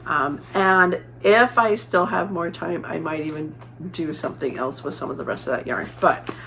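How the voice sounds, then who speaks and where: A woman's voice: lowish voice, moderate pace, creaky, background noise. A middle-aged woman from Arizona chatting casually as a crafting vlogger, rambling with many fillers and restarts. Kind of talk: casual chat.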